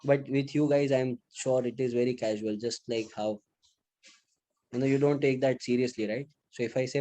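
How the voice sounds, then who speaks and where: A man's voice: mid-range voice, normal speed. A man from Mumbai with an Indian English accent, a lecturer telling chatty anecdotes to his students in a casual classroom style. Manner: chatty, animated anecdotes with acted-out quotes.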